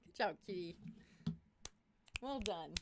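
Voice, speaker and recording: A woman's voice: on the low side, slow pace, heavy background noise. Tired, chatty woman livestreaming. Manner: chatty and excitable, jumps between topics. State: tired, losing her voice. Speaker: livestream host. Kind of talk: casual livestream chat. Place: small room at home.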